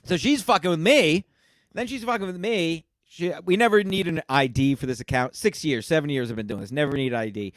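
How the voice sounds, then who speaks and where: Young guy ranting and swearing on a call-in show, high voice, dry close mic. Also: fairly quick, no room sound. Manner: ranting, profane, builds to shouting. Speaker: podcast co-host. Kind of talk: casual call-in show banter.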